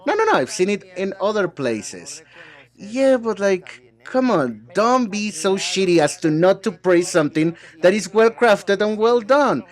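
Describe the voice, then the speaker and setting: A translator dubs a reality show into English solo, shifting between several speakers in sassy, bickering banter. His voice sits high and sing-song, at a measured pace.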